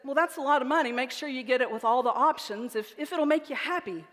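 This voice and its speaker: A woman's voice: sits high, quick pace, a bit bright, long reverb tail. A woman preacher voicing an easygoing man who cheerfully agrees to every purchase. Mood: indulgent.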